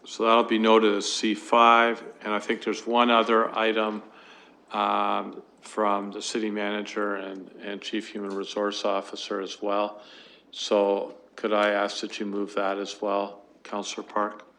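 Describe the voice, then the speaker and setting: A man's voice: lowish voice, monotone, measured pace, bright, forceful tone. A man chairing a council committee meeting, speaking hesitantly with fillers into a desk microphone in a council chamber.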